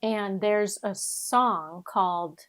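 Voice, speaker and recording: A woman's voice: mid-range voice, slow pace, crowd noise. A woman co-hosting a podcast, chatting casually about TV in a blunt, emphatic way and swearing freely. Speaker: podcast co-host.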